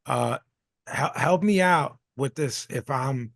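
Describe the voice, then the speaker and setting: Gravelly-voiced man chatting loosely. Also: medium pitch, slow pace, no echo, clean studio sound. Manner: rambling, many restarts and fillers. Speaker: podcast co-host. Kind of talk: casual chat.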